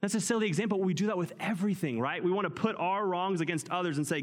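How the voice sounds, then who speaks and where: A man preaching a sermon as pastor, reading scripture aloud and then explaining it in an animated, conversational way. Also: high voice, racing, hardly any pauses, long reverb tail. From United States.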